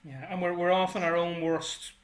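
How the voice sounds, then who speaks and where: A man's voice: high-pitched, little pitch movement, normal speed, a loud crowd. An Irish man interviewing a guest, asking questions with hesitant restarts. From Ireland. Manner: hesitant, repeats words while forming questions. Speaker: interviewer, librarian.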